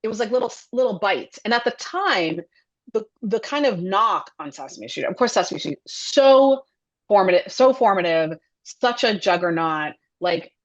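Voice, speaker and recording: A woman who directs and produces children's television, chatting as an interview guest in a chatty, animated way with many fillers. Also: medium pitch, moderate pace, lo-fi sound. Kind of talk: casual interview chat.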